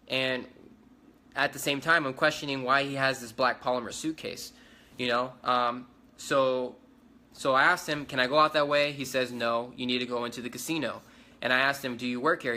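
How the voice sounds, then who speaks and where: Young man, eyewitness, bright forceful voice, urgent rambling retelling, phone livestream. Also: on the high side. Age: young adult. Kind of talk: casual livestream account.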